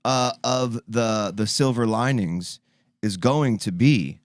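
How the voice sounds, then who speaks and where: A man's voice: mid-range voice, slow, no echo, clean studio sound. A man co-hosting a casual talk show, rambling in a laid-back way with stammered restarts. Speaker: podcast co-host. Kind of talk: casual banter.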